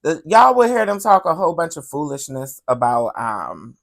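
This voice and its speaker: A woman hosting a current-events commentary show in a sassy, animated style. Her voice sits low with a gravelly fry in it. She keeps up the attitude and calls her listener "honey". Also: moderate pace, hardly any pauses. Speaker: commentary podcast host.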